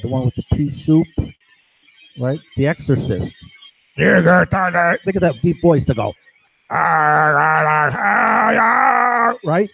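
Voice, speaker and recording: Man, rambling monologue, agitated, restarts a lot, slightly high voice, dry sound. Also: dark tone, husky, dry recording, low-quality recording. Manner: agitated, digressive, many restarts and "right?" tags. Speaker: vlogger. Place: home.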